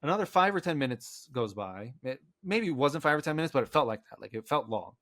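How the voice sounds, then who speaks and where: A man recounts a story to his friends in a loose, rambling way, full of "like"s, and slips into the voices of people he quotes. His pitch sits mid-range. The sound is dry and close, with no room around it. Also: expressive, brisk, a bit bright, dry recording. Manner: rambling, acts out quotes, many "like" fillers. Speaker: podcast co-host. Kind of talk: casual storytelling among friends.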